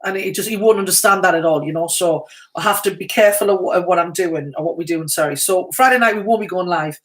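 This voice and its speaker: A woman's voice: lowish voice, fast. Chatty woman telling stories with laughs. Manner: chatty storyteller, laughs often. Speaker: co-host of a live stream. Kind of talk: casual chat.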